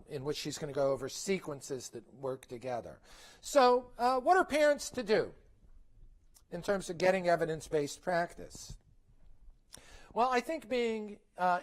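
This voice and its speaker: This conference talk to parents comes from a middle-aged man whose pitch is fairly high. He lectures conversationally, regularly checking in with "okay?" and asking rhetorical questions.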